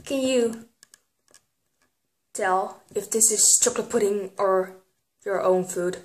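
A teenage girl, filming a casual vlog and getting excitable, squealing when something pleases her. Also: mid-range voice, slow pace. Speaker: vlogger. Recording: echoey room.

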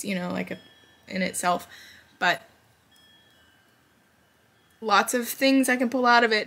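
A woman's voice: fairly high pitch, creaky, fairly bright tone, slightly rough. A woman book vlogger talking casually and candidly, swearing now and then, and reading passages aloud with feeling.

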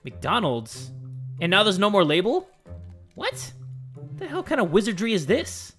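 Young gamer guy yelling and joking at a game, lively bright voice. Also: sits high, unhurried, soft background music. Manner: excitable, loud, joking and swearing. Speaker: gaming channel host. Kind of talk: let's-play commentary.

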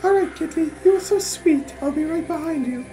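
A woman's voice: sits high, a little fast, warm tone, a little hiss or hum, pitched above the performer's own voice, lightly acted, low-quality recording. A woman putting on a sweet little girl's voice. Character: scared, sweet little girl.

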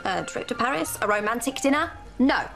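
A woman's voice: on the high side, lively intonation, a little fast, creaky, fairly bright tone, faint music behind. An actress playing a wry, jilted young British woman in a sitcom.

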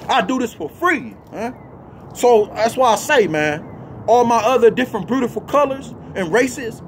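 High-voiced man ranting heatedly. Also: slight background noise. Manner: agitated, emphatic, repeats "man" as a filler. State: emotional. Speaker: vlogger.

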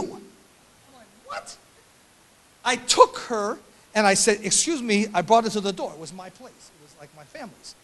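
An older man preaching a sermon as pastor, shouting his points with emphasis and then dropping to quiet storytelling. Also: high voice, very animated, moderate pace.

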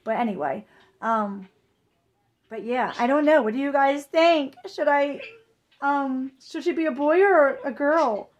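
A woman vlogger chatting casually, gushing and rambling with excitement over a new arrival. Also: high-pitched, unhurried, highs cut off. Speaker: reborn doll vlogger. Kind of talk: excited casual vlog chat.

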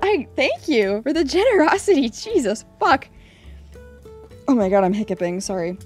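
A woman streamer chatting casually with her viewers live, excitable, swearing freely and laughing often, rambling and repeating herself. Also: high-pitched, normal speed, breathy edge, soft background music.

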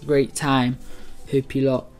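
A man delivers relaxed, unhurried gaming commentary, bragging about his skill with plenty of slang. His pitch sits in a middle range, and faint music plays underneath. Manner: boastful, hyped, slangy. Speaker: gaming YouTuber.

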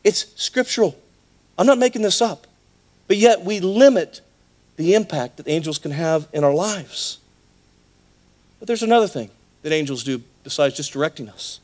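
A man preaching a sermon in a church, telling a Bible story in an animated way with acted voices. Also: high voice, normal speed, pauses often. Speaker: pastor.

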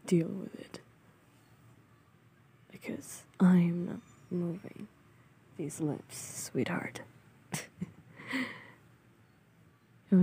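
A grumpy, sleepy young man, as a woman puts him on in a whispered role-play. His voice is very husky and breathy, dark in tone, and he drags each word out slowly. He talks in a curt, irritable, mocking way. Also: lowish voice, exaggerated voice. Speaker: voice actor.

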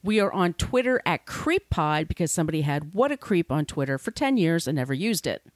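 A woman's voice: deep voice, sing-song, a little fast, no echo, clean studio sound. A woman hosting a podcast in a casual, irreverent way, swearing freely. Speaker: podcast host.

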